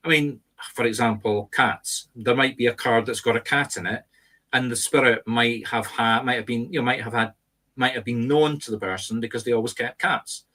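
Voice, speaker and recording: A middle-aged man with a Scottish accent talks in a casual discussion. His pitch sits in the middle of the range. He explains things in the emphatic, instructive way of a teacher. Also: fairly even intonation, normal speed, bright, forceful tone. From Scotland. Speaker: medium and co-host. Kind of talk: casual panel chat.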